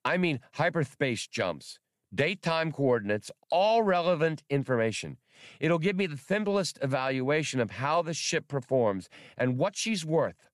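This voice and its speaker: A man voicing a squeaky, fussy male alien skip tracer in an audiobook reading. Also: big pitch swings, unhurried, no echo, clean studio sound. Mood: insistent. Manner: fussy and impatient. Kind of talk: audiobook character voice.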